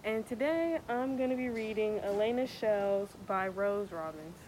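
A young woman reading a children's picture book aloud with expressive, animated storytelling. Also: mid-range voice, a little slow, slight background noise, low-quality recording. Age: young adult. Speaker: student athlete reading aloud.

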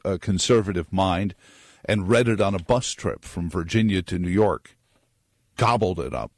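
A man's voice: fairly low pitch, no echo, studio quality. A man hosting a talk radio show in a loose, joking monologue that wanders off on tangents. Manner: joking, digressive, conversational. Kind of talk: casual monologue on politics.

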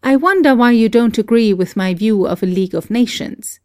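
A woman reading the dialogue of a reserved, earnest English male novelist in a polite, measured way. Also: a little high, animated, darkish tone, dry recording, clean studio sound, close to an everyday voice.

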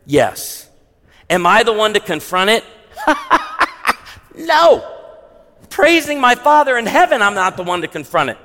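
A man preaching a sermon as a pastor, animated, moving between hushed emphasis and loud punchy lines. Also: sits high, moderate pace. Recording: long reverb of a large hall.

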